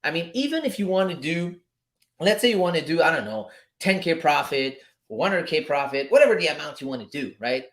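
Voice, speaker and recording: A man hosting a casual live stream about trading, talking in an animated, repetitive pep-talk way and swearing freely. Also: on the high side, fairly quick.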